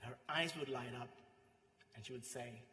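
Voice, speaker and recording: A man with a Sri Lankan accent delivering a eulogy, heartfelt and pausing, his voice trailing softly at the ends of phrases. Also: mid-range voice. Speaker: eulogist, friend and coworker. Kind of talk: eulogy speech with anecdotes. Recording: echoey hall with long reverb.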